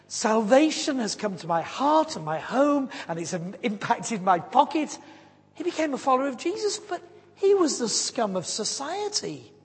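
A woman preaching a sermon, telling stories with lively acted-out voices. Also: fairly high pitch, moderate pace, breathy edge. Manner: animated storyteller acting out voices. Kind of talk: sermon storytelling. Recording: long hall reverb.

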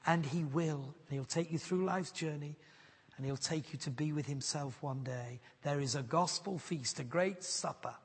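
Earnest preacher in a reverberant hall. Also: male voice, a little high, normal speed, breathy edge. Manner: earnest, pleading. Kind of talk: sermon with personal story.

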